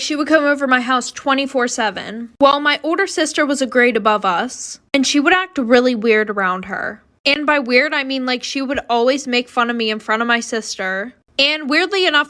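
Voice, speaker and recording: A woman's voice: sits high, sharp tone. A young woman telling a storytime about her past in a chatty way, full of "like". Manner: chatty, filler-heavy with lots of "like". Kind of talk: casual storytime narration.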